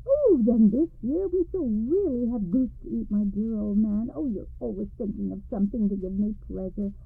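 A woman reading a storybook, voicing a doting, cheerful old farmer's wife who gushes praise at her husband. The voice is husky with some creak and sounds tinny and lo-fi. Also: fairly high pitch, lively intonation, moderate pace, exaggerated voice. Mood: gushing. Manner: gushing, exclamatory praise. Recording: tinny lo-fi radio recording.

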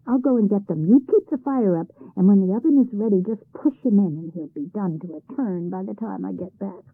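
A woman voicing a big, greedy, boastful male troll, loud and blustering, with a gravelly, husky voice and a tinny, phone-like sound. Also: medium pitch, fairly quick, dry recording. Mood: gleeful.

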